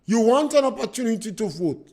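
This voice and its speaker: A man's voice: very high voice, lively intonation, fairly quick, dark tone. A man with a Grenadian accent hosting a call-in political talk radio show in a studio, speaking emphatically and asking rhetorical questions.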